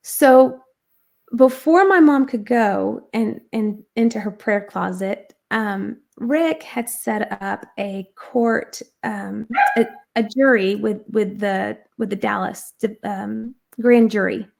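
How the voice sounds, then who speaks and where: A woman's voice: fairly high pitch, slow pace, gravelly, a little mellow. A woman guest earnestly telling a personal testimony in conversation, with frequent ums and restarts. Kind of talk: personal storytelling.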